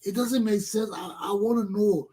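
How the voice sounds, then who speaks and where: Man, Liberian English accent, talk show host, passionate commentary, dark mellow tone, high pitch. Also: steady tone, normal speed, breathy edge. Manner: emotional, repetitive, addresses listeners as "man". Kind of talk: impassioned political commentary.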